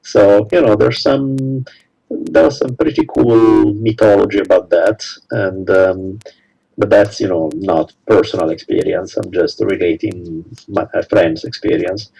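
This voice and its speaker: A man's voice: low-pitched, unhurried, creaky, breathy edge, rough recording. A middle-aged man from Italy casually telling a personal story, acting out quotes of the people in it. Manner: relaxed anecdote telling with fillers, acts out quotes. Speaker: guest storyteller.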